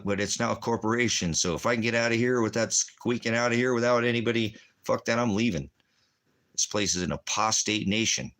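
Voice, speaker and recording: A man's voice: on the low side, fairly bright tone. A man, a military veteran, delivering an angry, profane, rambling rant. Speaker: veteran ranting.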